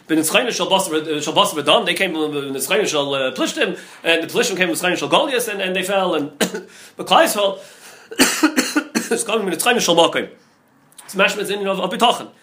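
A man, a rabbi, teaching a Talmud lesson, talking fast and repeating himself, with many Hebrew and Yiddish terms mixed in. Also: sits high, expressive, sharp tone. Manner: rapid, repetitive, heavy with Hebrew and Yiddish terms. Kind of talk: Talmud class lecture.

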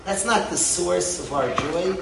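A man, a rabbi who heads a yeshiva, giving an impassioned sermon that swings between hushed and raised passages. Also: high-pitched, unhurried, gravelly, far from the mic, noisy background. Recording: echoey room, voice off-mic.

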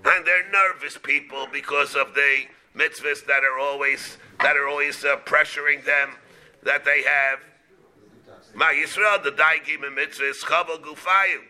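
A man, a rabbi teaching a Talmud class, explaining in a halting way, often repeating words and mixing Hebrew and Aramaic terms into his English. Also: a little high, steady tone, bright, forceful tone.

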